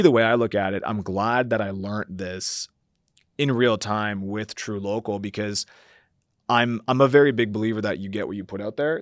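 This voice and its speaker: Recorded dry with studio quality, this man's lowish voice belongs to a podcast guest who founded a company. He reflects at length in a conversational interview, full of fillers, acting out the thoughts he quotes from himself.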